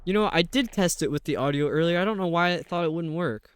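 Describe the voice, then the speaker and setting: A man's voice: a little high, lively intonation, quick pace, slight background noise. A man live-streaming a video game, rambling to his viewers as he puzzles over the level. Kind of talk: casual live-stream chat while gaming.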